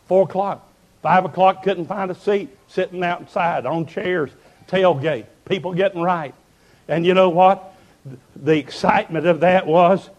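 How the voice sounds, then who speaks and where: Preacher man, pretty high voice, fervent revival sermon, tells stories and builds up to shouting. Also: dull audio.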